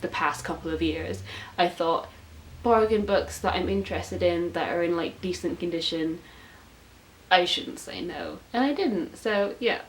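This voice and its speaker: A woman's voice: fairly low pitch, a little slow, low-quality recording. A 19-year-old woman chatting casually as a book vlogger, gushing and self-mocking, with lots of filler words. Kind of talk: casual chat. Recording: faint hiss.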